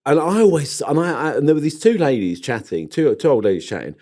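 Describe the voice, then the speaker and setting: A man's voice: fairly high pitch, sing-song, fast talker, darkish tone. A middle-aged man co-hosting a garden podcast, chatting and joking with a laugh never far away. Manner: jokey, chatty, laughs often. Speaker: podcast co-host. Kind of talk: casual banter.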